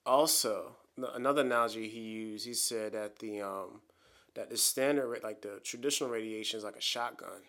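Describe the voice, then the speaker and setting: A man's voice: fairly low pitch, fairly quick, fairly bright tone. A man co-hosting a podcast, chiming in with short additions and explanations in casual chat. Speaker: podcast co-host.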